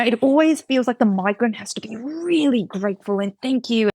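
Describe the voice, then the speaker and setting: A non-binary podcast guest from India with an Australian accent, telling stories in an animated, cheeky conversational way. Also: mid-range voice, no room sound. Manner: animated, cheeky storytelling with laughs. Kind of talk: casual conversation.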